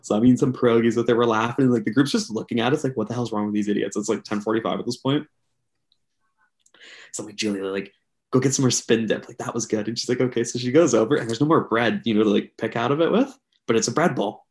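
Gravelly young man telling a rambling story. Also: medium pitch, fast, darkish tone. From Canada. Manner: rambling, filler-heavy, chatty. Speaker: podcast co-host. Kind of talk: casual storytelling among friends.

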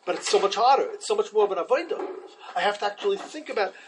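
High-voiced man teaching a Torah class. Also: racing, noisy background. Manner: animated, many restarts, acts out quotes.

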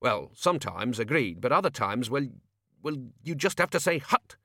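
Pompous excitable wizard, voiced by a male reader, halting, storybook. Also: medium pitch, dry recording, studio quality, exaggerated voice. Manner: blustering, halting.

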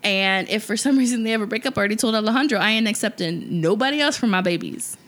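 Bright-voiced woman, blunt and profane. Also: mid-range voice, fast. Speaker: podcast co-host. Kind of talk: casual chat.

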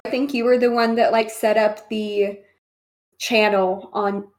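A woman's voice: medium pitch, fairly even intonation, unhurried. A woman co-hosting a podcast, chatting in a laid-back, easygoing way. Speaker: podcast co-host. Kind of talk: casual chat.

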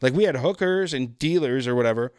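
A man tells a rowdy story on a podcast, his pitch swinging widely as he acts out each character. He swears freely and never sits still in his delivery. The sound is dry and close. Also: a little fast, clean tone, dry recording. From Canada. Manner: animated, profane, acts out voices in his stories. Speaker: podcast guest. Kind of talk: casual storytelling.

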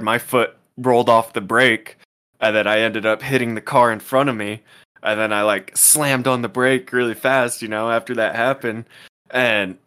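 A young man co-hosting a podcast, telling a story in casual chat, animated, peppered with "dude" and "bro.". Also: mid-range voice, clear, resonant tone. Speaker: podcast co-host. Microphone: podcast microphone.

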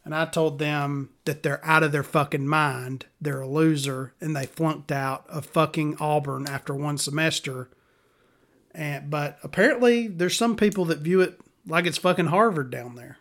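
A woman's voice: deep voice, moderate pace. Blunt, profane woman ranting. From Alabama. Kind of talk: casual storytelling rant.

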